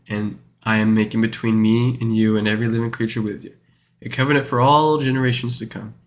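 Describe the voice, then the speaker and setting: Casual man leading a Bible study. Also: medium pitch. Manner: casual, rambling, frequent fillers and self-corrections. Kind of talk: informal Bible study reading and commentary.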